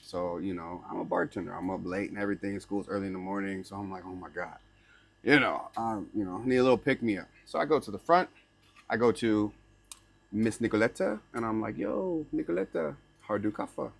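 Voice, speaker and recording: A young man vlogging, telling a casual story to camera in a lively, slangy way, with lots of "like" and "right?", dropping in learner Norwegian words. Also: on the low side, a little fast, gravelly. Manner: slips into learner's Norwegian phrases.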